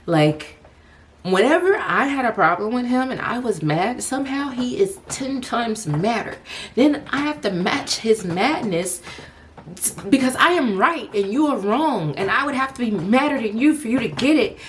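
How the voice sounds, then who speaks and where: A woman's voice: a little high, expressive, normal speed, a little hiss or hum. A young woman telling a personal story to the camera, casual and profane, breaking into laughter often.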